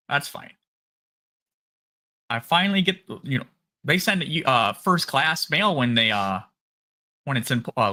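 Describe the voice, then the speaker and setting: A man with a Minnesota accent, hosting a live stream and casually telling a long story, acting out phone calls in animated voices. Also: medium pitch.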